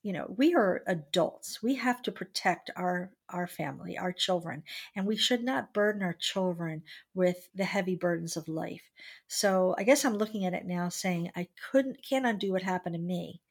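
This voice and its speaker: A woman's voice: fairly low pitch, normal speed, husky. A middle-aged woman being interviewed, speaking candidly and reflectively about her own life. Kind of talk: personal storytelling in an interview.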